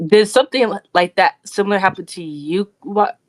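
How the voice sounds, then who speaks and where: A woman's voice: mid-range voice, fairly quick, dry recording. A young woman co-hosting a casual podcast, talking in a rambling, chatty way with lots of "like" and "you know". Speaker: podcast co-host. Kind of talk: casual chat.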